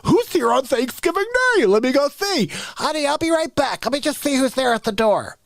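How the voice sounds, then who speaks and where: A man voicing a sweet, doting housewife serving Thanksgiving dinner in a falsetto. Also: animated, normal speed, creaky, dry recording, clean studio sound, exaggerated voice. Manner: fussing, sweet, high falsetto.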